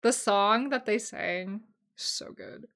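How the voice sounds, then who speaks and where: A young woman hosting a casual solo podcast, gushing and emotional, swinging between loud excited bursts and quiet asides. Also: medium pitch, takes it slowly. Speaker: podcast host.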